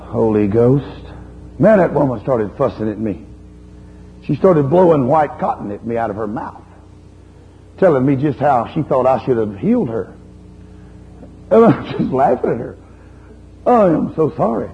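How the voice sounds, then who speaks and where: A man preaching a sermon, telling a story in a lively, folksy way and chiding his listeners. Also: mid-range voice, normal speed, gravelly, long pauses. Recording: dull lo-fi recording with faint hum.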